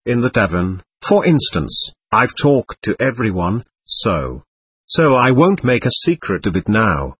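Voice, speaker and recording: Man voicing an impassioned, husky young man. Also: on the low side, big pitch swings, measured pace, fairly bright tone, no echo, exaggerated voice. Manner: impassioned, pleading, emphatic. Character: agitated proud young man under questioning. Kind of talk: audiobook character reading.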